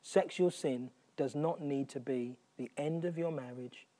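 A man preaching a sermon, earnest, repeating phrases for emphasis and dropping almost to a whisper on quiet points. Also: a little high, measured pace.

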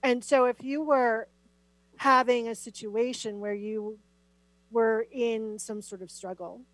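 A middle-aged woman with a fairly high voice talks as a podcast guest, telling her story with animated, emphatic energy. The recording is dry and close, with no room sound around her. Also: slow pace, no room sound, low-quality recording. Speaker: podcast guest, spiritual teacher. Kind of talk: conversational podcast interview.

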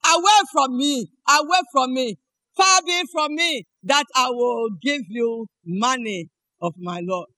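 A woman's voice: high voice, measured pace, pushed and bright, no echo, voice pushed down. A woman preacher acting out her fearless devout mother, commanding and defiant in a sermon.

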